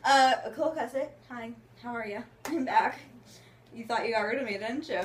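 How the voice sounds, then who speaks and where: A woman's voice: a little high, normal speed, reverberant. A bubbly young woman hosting a casual vlog from a house, giggling as she talks. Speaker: vlog host. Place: indoors at a house.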